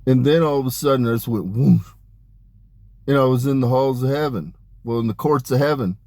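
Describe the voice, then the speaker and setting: A man talking in a rambling, emphatic monologue about spiritual matters, dropping his voice low on asides. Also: a little fast, dark tone, no echo. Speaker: spiritual channeler. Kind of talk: casual spoken monologue.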